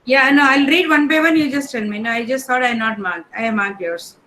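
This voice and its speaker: Woman teacher, English, high voice, brisk roll call, matter-of-fact. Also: pushed and bright, slight background noise, low-quality recording. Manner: reads names one by one in a brisk, matter-of-fact way. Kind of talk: taking roll call in an online class.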